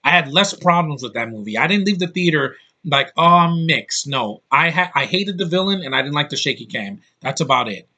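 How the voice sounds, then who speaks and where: A man's voice: on the high side, lively intonation, brisk, hardly any pauses, pushed and bright, muffled recording. A man ranting bluntly on a vlog, frustrated and exasperated, swearing often. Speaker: YouTube vlogger. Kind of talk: angry opinion rant.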